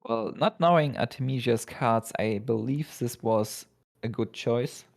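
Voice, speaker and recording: Man, mid-pitched voice, slow pace, co-caster, halting color commentary. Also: gravelly, a little mellow. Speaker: esports co-caster.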